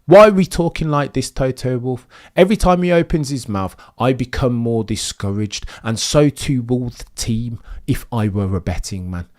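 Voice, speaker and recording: A man giving a heated reaction to motor racing news, jabbing out rhetorical questions. His voice sits at an average pitch, and he talks straight to his chat with an animated, emphatic delivery. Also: normal speed, few pauses. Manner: emphatic, addresses chat directly. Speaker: F1 news commentator.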